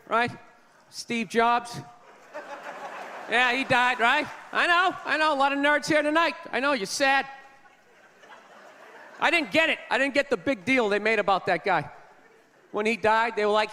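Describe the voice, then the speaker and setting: High-pitched guy ranting through a stand-up set, punchy forceful delivery, yells a lot. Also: measured pace, some chatter behind, a little hiss or hum. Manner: ranting, incredulous, bursts into shouting. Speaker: stand-up comedian. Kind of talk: stand-up routine. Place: comedy stage before a live audience.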